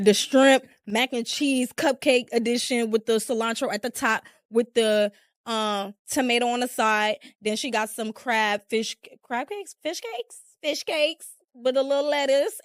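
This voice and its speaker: A woman's voice: medium pitch, no room sound, clean studio sound. A young woman hosting a podcast, telling stories in a casual, rambling way with lots of fillers. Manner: chatty, rambling, heavy use of filler "like". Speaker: podcast host. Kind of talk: casual storytelling chat. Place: room with a small live audience.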